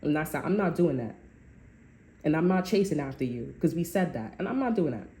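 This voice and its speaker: A woman's voice: low voice, expressive, a little fast, mellow, roomy sound. A young adult woman giving a casual tarot reading, blunt and profane, drifting into personal stories. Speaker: tarot reader.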